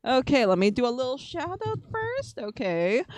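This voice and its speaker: A woman's voice: sits high, very animated, moderate pace, darkish tone, no echo. A woman chatting casually on a live stream, rambling and restarting her sentences.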